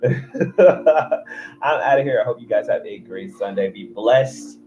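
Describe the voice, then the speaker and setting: A man's voice: medium pitch, lively intonation, slow pace, noisy background. A man giving a casual livestream tarot reading, chatty and joking at his own expense. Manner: chatty, jokey, self-deprecating, restarts. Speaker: tarot reader. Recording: muffled audio with music behind.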